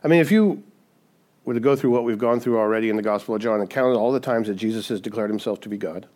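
A man's voice: on the low side, quick pace. Conversational male pastor preaching. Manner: conversational, frequent "right?" tag questions; animated, acts out quoted voices. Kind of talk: sermon.

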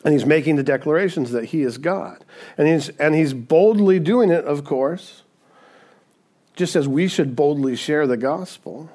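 A man's voice: a little high, a little slow. Conversational male pastor preaching. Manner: conversational, frequent "right?" tag questions; animated, acts out quoted voices. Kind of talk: sermon.

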